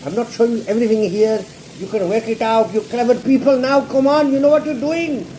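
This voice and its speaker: A blunt, foul-mouthed man talks a viewer through a recipe, joking and cursing as he goes. His voice is mellow and relaxed, with a faint hum of noise behind it. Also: very high-pitched, brisk. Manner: blunt, crude, constant swearing, playful jokes; repeats words for emphasis. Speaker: home cook showing a recipe. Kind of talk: casual cooking demonstration.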